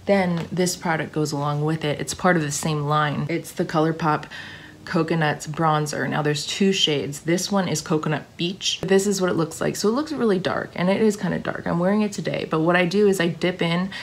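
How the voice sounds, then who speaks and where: A woman reviewing makeup products in casual, gushing chat, her voice a little hoarse because she is getting sick. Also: deep voice, normal speed, slight background noise. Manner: gushing, chatty, restarts often. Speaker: beauty vlogger.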